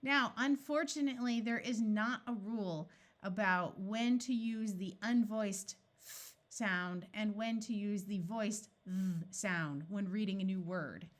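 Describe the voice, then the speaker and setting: A woman teaching a phonics lesson, sounding out each word slowly and then blending it together. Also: mid-range voice. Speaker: reading tutor.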